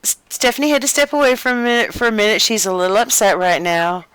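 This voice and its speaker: A woman's voice: a little high, fairly even intonation, quick pace, fairly bright tone, smooth, dry recording, rough recording. A woman improvising a flustered, gushing role as a prank on a phone scammer, fussy and soothing by turns. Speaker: scambaiter playing a flustered caller.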